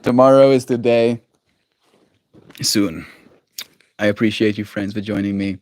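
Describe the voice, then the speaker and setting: An unhurried, slightly mellow Canadian voice, fairly low with fairly even intonation and no echo, carries this daily livestream. The host rambles affectionately with his viewers, giggling and dropping in silly made-up words.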